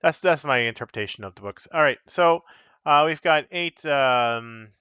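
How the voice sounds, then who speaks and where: A man's voice: medium pitch, moderate pace, bright, forceful tone, smooth, no room sound, highs cut off. A man casually chatting on a live stream as he shows and explains the cards of a solo card game, rambling and correcting himself as he goes.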